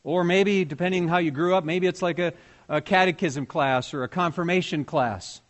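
A man preaching to his congregation in a conversational way. His voice sits a little high for a man. He keeps asking the people in front of him questions. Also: moderate pace. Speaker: pastor. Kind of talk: sermon.

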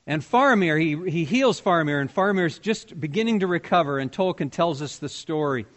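A pastor preaches conversationally to his congregation, repeatedly asking questions of the people in front of him. His voice is a little high for a man, and he speaks briskly with lively intonation.

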